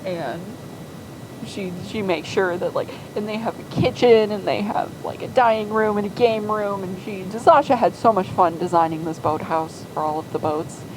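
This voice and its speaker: A woman's voice: mid-range voice, normal speed, background noise. A woman casually and enthusiastically rambling through her fan-made story timeline with lots of fillers.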